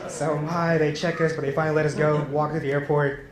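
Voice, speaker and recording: A man's voice: a little high, level tone, moderate pace. A man performing a stand-up comedy set, telling a story and often laughing at his own jokes. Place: small comedy venue stage. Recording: echoey room with faint noise.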